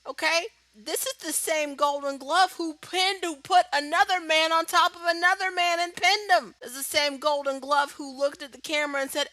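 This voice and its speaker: A woman co-hosting a podcast, telling stories in an animated, emphatic way. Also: high voice, normal speed, few pauses, low-quality recording. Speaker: podcast co-host. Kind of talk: casual chat.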